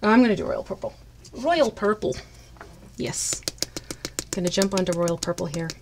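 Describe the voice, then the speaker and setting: A woman's voice: fairly low pitch, steady tone, a little fast, a little hiss or hum. Chatty woman painting miniatures on stream. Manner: chatty, laughs often, greets viewers brightly. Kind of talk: casual live-stream chat while painting.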